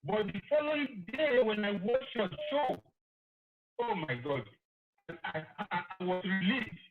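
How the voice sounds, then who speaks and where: A man's voice: sits high, animated, measured pace, music in the background. A man calling in to a live show, full of effusive, emotional praise. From Nigeria. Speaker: caller. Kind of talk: phone-in call. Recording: tinny phone line with faint hiss.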